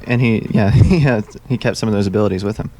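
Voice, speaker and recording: A man's voice: on the low side, fast talker, mellow. A man co-hosting a podcast, bantering and joking in a rambling way with plenty of fillers. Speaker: podcast co-host. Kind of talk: casual chat.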